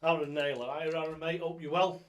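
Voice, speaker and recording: A man's voice: a little high, level tone, brisk, fairly bright tone. A man hosting a casual live stream, rambling along in a chatty way and greeting viewers by name, recorded on a tablet at home. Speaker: live-stream host and darts coach.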